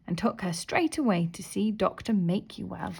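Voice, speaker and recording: A woman reading a children's storybook aloud, expressive with soft whispered asides. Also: mid-range voice, normal speed, gravelly, breathy edge. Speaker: story reader.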